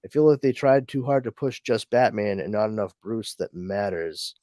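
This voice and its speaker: A man's voice: lowish voice, animated, normal speed, dark tone, no room sound, studio quality. A man hosting a casual podcast chat, reading out listener comments and rambling with many restarts. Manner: rambling, frequent restarts and fillers. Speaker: podcast host.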